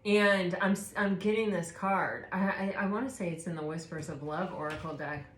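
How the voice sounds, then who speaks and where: A woman giving a casual, rambling tarot reading, gentle and full of fillers and restarts. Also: on the low side, steady tone, normal speed, reverberant, a little hiss or hum. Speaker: tarot reader.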